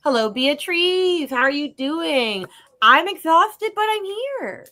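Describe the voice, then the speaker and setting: A woman co-hosting a livestream, chatting casually and reading viewer messages aloud, bubbly and giggly. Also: high voice. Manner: bubbly, giggly, talks fast and animated. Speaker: livestream co-host.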